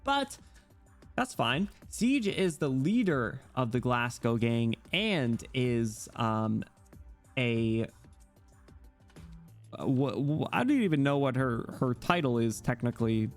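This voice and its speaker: A man's voice: medium pitch, very animated, slow pace. Male stream host, casual rambling delivery, frequent restarts, light music bed behind. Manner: rambling, self-interrupting, laughs often. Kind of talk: casual livestream chat.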